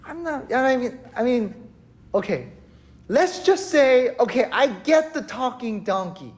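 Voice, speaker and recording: A preacher telling a story in a casual, conversational sermon, animated and chatty, often checking in with the listeners. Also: mid-range voice, a little slow. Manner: animated, chatty, keeps asking "right?". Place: church worship service.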